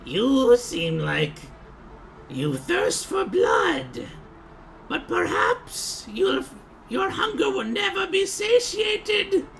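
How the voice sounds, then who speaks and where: Shrill bossy goblin mama, guy putting it on, way up high, slow and menacing, tabletop game. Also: sing-song, vocal fry, a bit bright, a little hiss or hum, heavily acted. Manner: calls out dramatically, slow menacing delivery. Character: shrill female goblin matriarch, commanding spellcaster.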